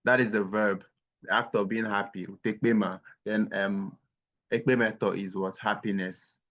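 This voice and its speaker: Low-voiced man teaching over a call. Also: level tone, a bit bright. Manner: patient, slowly repeats words for learners. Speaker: language teacher. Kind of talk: online language lesson. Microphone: video call. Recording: dull lo-fi call audio.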